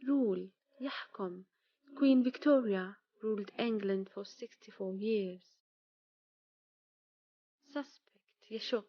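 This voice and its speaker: A woman teaching vocabulary, reading single words and example sentences in a slow, measured way. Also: medium pitch, dry recording, highs cut off. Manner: slow, measured reading, one word at a time.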